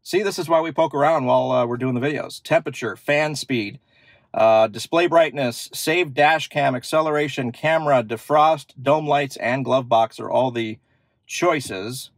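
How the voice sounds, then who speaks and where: A man's voice: mid-range voice, moderate pace, no room sound. A man hosting a car channel, chatting casually and thinking aloud with fillers as he shows features from inside his parked car. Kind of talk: casual demo walkthrough.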